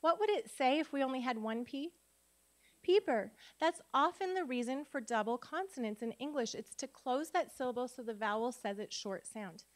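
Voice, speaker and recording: Speaking before an audience in a conference room, a woman who teaches literacy and presents at conferences leads a workshop through spelling dictation. Her high, animated voice moves fairly quickly with hardly any pauses as she sounds out words syllable by syllable and questions the listeners.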